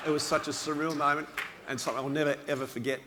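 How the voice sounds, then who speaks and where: A middle-aged man with an Australian accent spins a comic yarn for a dinner crowd. His delivery is dry and self-mocking, loose and chatty, pitched a touch higher than most men. A faint background noise sits under his voice. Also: little pitch movement, racing. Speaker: after-dinner speaker. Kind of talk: humorous storytelling speech. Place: dinner event before an audience.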